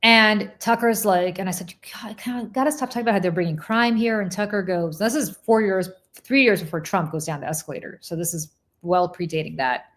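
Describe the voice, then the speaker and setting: A woman's voice: mid-range voice, a little fast. A woman hosting a casual chat, telling a long story with laughter and acted-out quotes. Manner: animated, laughing, acts out quoted voices. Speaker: podcast host.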